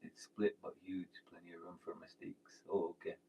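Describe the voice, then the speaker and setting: A man's voice: deep voice, level tone, normal speed, gravelly, dark tone, a little hiss or hum. A man hosting a live stream, chatting casually and telling rambling folksy stories while he works, laughing often. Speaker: livestream host.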